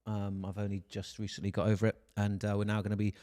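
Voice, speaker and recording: A man's voice: lowish voice, completely flat delivery, fast talker, dark tone. A man co-hosting a football podcast, joking and dry in casual chat with his brother. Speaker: podcast co-host.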